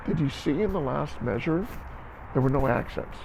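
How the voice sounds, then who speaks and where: A man's voice: medium pitch, lively intonation, moderate pace, vocal fry, heavy background noise. A man teaching a band lesson on video, counting aloud and coaching students, often checking in with "okay?". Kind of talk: instructional music lesson video.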